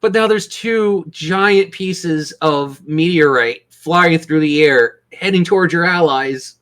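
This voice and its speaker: A game master narrating a tabletop game in a playful way, laughing often and slowing down for dramatic scene descriptions. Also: mid-range voice, fairly bright tone.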